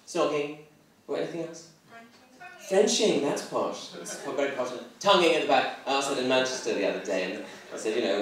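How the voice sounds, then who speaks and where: Young man, camp arch stand-up delivery, slightly high voice, echoey distant room, audience laughing. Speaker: stand-up comedian. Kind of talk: stand-up comedy set. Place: comedy club stage before a live audience. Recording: echoey hall mic from far off, audience laughter. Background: crowd laughing.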